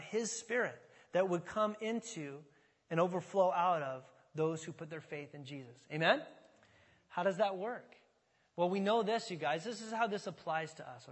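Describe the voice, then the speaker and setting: High-voiced preacher in a reverberant hall. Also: male voice. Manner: dynamic preaching, swells to shouting on scripture. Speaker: pastor. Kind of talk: sermon.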